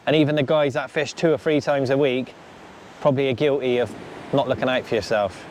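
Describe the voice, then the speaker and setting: A man's voice: medium pitch, fairly even intonation, fairly quick, darkish tone, a little hiss or hum. A man hosting a fishing vlog, chatting casually and upbeat as he gives friendly advice outdoors on a beach. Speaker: angler and channel host.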